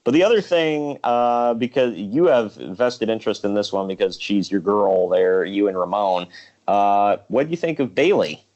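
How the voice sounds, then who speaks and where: A man's voice: on the low side, lively intonation, normal speed, darkish tone, lo-fi sound. A man co-hosting a casual wrestling podcast, ranting and joking and quoting people in mocking voices. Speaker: podcast co-host.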